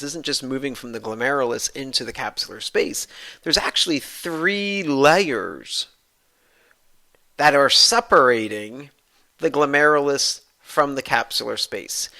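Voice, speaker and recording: Man, professor, recorded lecture, slow delivery, gravelly, bright tone, repeats himself. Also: mid-range voice. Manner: explanatory, repeats and restates points, frequent fillers. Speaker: anatomy and physiology professor.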